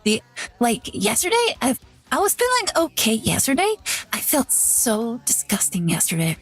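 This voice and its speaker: A woman's voice: a little high, husky. A young woman streaming live, chatting casually and rambling, with lots of "like" in her talk. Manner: rambling, chatty, heavy use of "like". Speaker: VTuber streamer.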